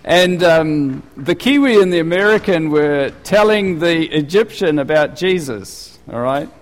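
Man preaching in a reverberant hall. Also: on the high side. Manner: conversational storytelling with frequent restarts. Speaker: pastor. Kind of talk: sermon.

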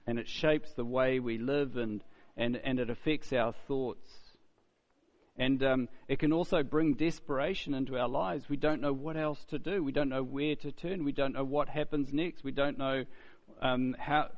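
A man preaching a sermon at a middle pitch. He talks to the congregation in a conversational way, often asking "isn't it?" and doubling back on his words. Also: highs cut off.

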